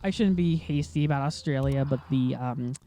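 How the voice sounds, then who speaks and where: Rambling mellow-voiced man gaming. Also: medium pitch, moderate pace. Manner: rambling, laughs often, many fillers and tangents. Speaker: gaming commentator. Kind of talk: casual let's play commentary. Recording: faint game music behind.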